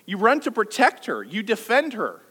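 A man preaching a sermon to his church, conversational and lively, with jokes and rhetorical questions. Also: sits high, moderate pace, breathy edge. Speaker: pastor. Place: church service.

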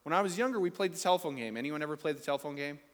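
A man in his thirties delivers a sermon from the front of a church, leaning on repetition and punching his key phrases. His voice sits a little high for a man. The sound carries a long reverb from the hall around him. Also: rapid-fire. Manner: emphatic, repetitive preaching with rising, punchy phrases. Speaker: pastor.

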